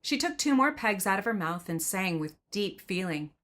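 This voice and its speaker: Woman podcast host, expressive reader, conversational commentary, mid-range voice. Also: medium pitch, moderate pace. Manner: thoughtful, conversational, with expressive reading. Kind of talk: reading a novel aloud with commentary.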